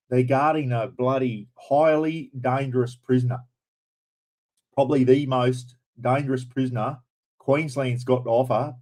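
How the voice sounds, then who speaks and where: A man's voice: mid-range voice, darkish tone, rough recording. An Australian man hosting a livestream in casual chat, blunt and chatty, with mild swearing as he greets viewers by name. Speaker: livestream host.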